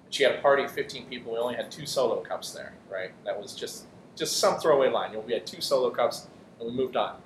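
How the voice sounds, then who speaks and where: A man who performs improv comedy, telling stories in a casual interview with quick jokes and many restarts. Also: lively intonation. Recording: echoey room with faint rumble.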